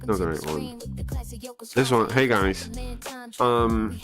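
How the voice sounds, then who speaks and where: A man's voice: on the low side, lively intonation, slow pace. Heated, profane young man ranting. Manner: profane, heated, rambling with restarts. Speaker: live streamer. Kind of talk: casual ranting commentary. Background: faint music.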